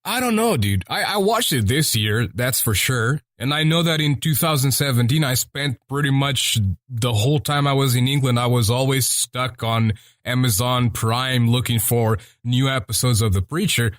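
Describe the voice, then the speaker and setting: A man's voice: medium pitch, normal speed, a bit bright, dry recording, clean studio sound. Profane, rambling man on a podcast. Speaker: podcast host. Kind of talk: casual chat.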